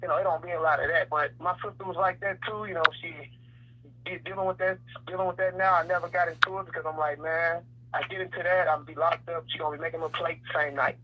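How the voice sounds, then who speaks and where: Fast stammering man on a noisy line. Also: on the high side, fairly even intonation. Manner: rapid, stammering, restarts a lot. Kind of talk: casual chat. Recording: dull lo-fi line with noise.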